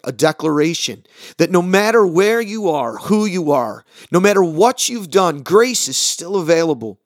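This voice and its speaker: A man who is a pastor, giving an earnest sermon summary for a podcast, slowing and dropping his voice on key words. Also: dry recording, clean studio sound. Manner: earnest, dramatic pauses, drops low on key words. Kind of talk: short recorded sermon summary.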